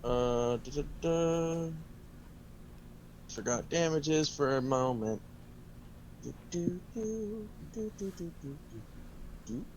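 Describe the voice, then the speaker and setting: A man's voice: on the high side, expressive, slow pace, long pauses, a little mellow, muffled recording, slight background noise. A man playing a tabletop game over voice chat, laid-back and cursing casually, humming to himself now and then. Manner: laid-back, swears and hums. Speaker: player.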